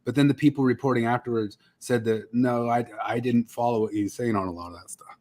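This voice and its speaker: A man co-hosting a podcast in easygoing, casual chat. His voice is mid-pitched and ordinary, and he tells stories in a laid-back way. He laughs often as he talks. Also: fairly even intonation, quick pace, darkish tone. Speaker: podcast co-host.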